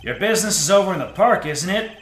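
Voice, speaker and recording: A man's voice: high-pitched, animated, quick pace, a bit bright, roomy sound, soft background music. Man doing a curt police guard. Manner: curt, impatient. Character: gruff, dismissive male police guard.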